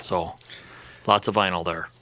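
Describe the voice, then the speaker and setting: A man's voice: deep voice, steady tone, unhurried, sharp tone, a little hiss or hum. A man on a podcast as a guest architect, chatting casually with easygoing dry humor. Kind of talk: casual chat.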